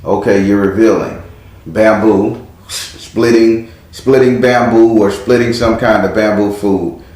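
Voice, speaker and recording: Man, tarot reader, lowish voice, blunt profane storyteller, very echoey room. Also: fairly even intonation, a little slow, a little mellow. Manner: blunt, profane, vivid storytelling with sound effects. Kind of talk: casual past-life reading.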